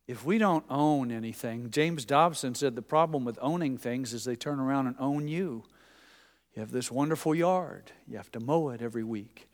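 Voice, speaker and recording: Long hall reverb colors this sermon by a pastor with a medium-pitched voice and moderate pace. He tells folksy anecdotes and acts out the voices of those he quotes.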